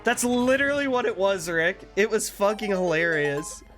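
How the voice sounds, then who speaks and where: A man's voice: high-pitched, lively intonation, moderate pace, fairly bright tone. A young man streaming a game, chatting casually with his viewers, laid-back, laughing often and swearing freely. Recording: faint music behind.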